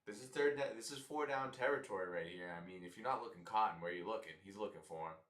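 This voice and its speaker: A man giving casual live reactions to a football game, excitable and exasperated, often repeating himself. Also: on the low side, fast talker, echoey room, distant mic.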